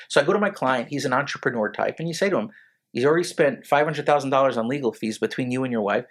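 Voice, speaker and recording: A man in his forties, a lawyer and podcast guest, telling personal stories in a casual, halting way with many restarts. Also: medium pitch. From Connecticut, USA. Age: 40s. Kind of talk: casual storytelling interview.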